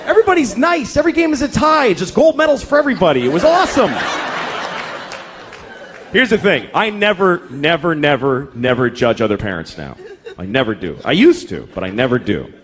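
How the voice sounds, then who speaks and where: A man's voice: on the high side, a little fast, a faint crowd. A middle-aged man doing a stand-up comedy routine on a large theater stage, ranting with exasperation and lots of swearing. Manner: animated, exasperated ranting with profanity. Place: large theater stage before a live audience.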